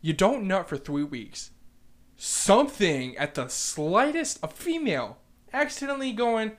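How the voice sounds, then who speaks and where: A young man with a slightly raised pitch recounting a story on a casual podcast. He jumps between quick and drawn-out phrasing and swears offhandedly. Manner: animated storyteller who swears freely. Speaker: podcast co-host. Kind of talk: casual chat.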